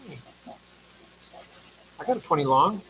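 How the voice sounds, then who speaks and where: A man's voice: a little high, expressive, measured pace, a bit bright, slight background noise, low-quality recording. A man hosting a casual livestream, chatty and affectionate, reading viewer comments aloud and sounding tired. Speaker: livestream host.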